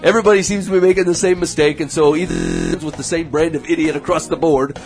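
A male podcast host with a lively, fairly high voice that swings up and down a lot. He reads listener letters and laughs often as he gives advice, with faint music playing behind him. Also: fast talker. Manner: laughing often, animated delivery. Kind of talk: casual podcast chat.

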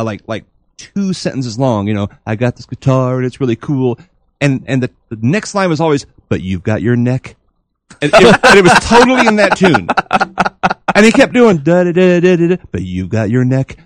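A man co-hosting a podcast, telling a long dream story in a rambling, animated way with many restarts. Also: on the high side, no room sound. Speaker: podcast co-host.

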